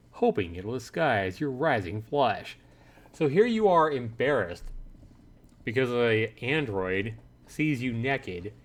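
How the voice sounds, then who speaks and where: Streamer, male, mid-pitched voice, reads game text and riffs to viewers, jumps higher when he acts out reactions. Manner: animated, voices his own reactions in a higher, louder pitch. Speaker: streamer playing a visual novel. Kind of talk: livestream commentary, reading game text aloud.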